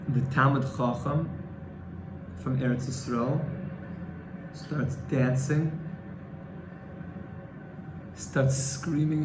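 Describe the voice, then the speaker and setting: A man's voice: medium pitch, fairly even intonation, extremely slow, pauses often, a little mellow. A man telling a dramatic religious story with emotional, stammering restarts. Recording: echoey room with faint noise.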